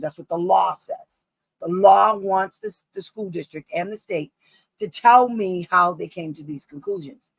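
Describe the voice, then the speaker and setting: Woman advocate, live-stream chat, husky and dry, blunt with frequent laughs. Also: fairly low pitch, measured pace, no room sound, low-quality recording. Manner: blunt, emphatic, laughs often. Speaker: special education advocate. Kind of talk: live-streamed casual talk.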